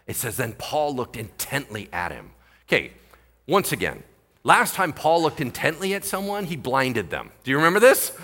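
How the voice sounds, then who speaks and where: A man preaching a sermon as pastor, animated and jokey, acting out the people in the story. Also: medium pitch, moderate pace, slightly rough.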